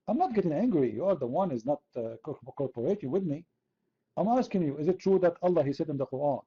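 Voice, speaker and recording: A man's voice: on the high side, sing-song, fast, dark tone, husky, muffled recording. A man from the Middle East, hosting an online chat room debate in a sarcastic, mocking, argumentative way. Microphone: computer mic.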